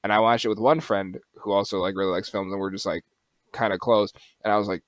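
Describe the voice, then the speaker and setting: A young man co-hosting a podcast, chatting casually, animated and quick to swear and laugh. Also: fairly low pitch, dry recording. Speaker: podcast co-host. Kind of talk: casual chat.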